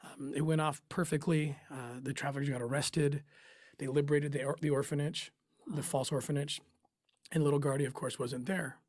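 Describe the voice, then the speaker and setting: A man in an interview, telling a personal story in an emotional, halting way with pauses and restarts. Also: on the high side, fairly even intonation, a little mellow, no echo, clean studio sound. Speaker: interview guest, former undercover operative.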